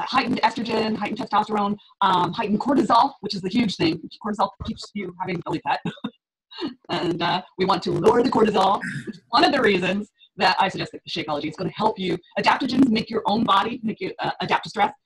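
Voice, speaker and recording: A woman's voice: mid-range voice, slight background noise, low-quality recording. A middle-aged woman fitness coach on a group call, talking in a chatty way, laughing often and acting out her clients' reactions.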